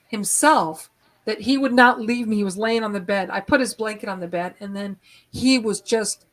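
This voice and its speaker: A middle-aged woman hosting a live stream, rambling through an animated story and acting out the moments as she goes. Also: mid-range voice, moderate pace. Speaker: host.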